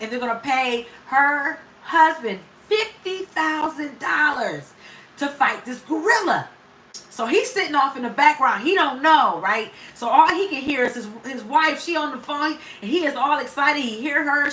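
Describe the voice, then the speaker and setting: Bright-voiced woman chatting on a live stream. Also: high-pitched, a little hiss or hum. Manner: chatty, greets viewers by name, laughs often. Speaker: livestream host. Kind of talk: casual live-stream chat. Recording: echoey room, voice from off the mic.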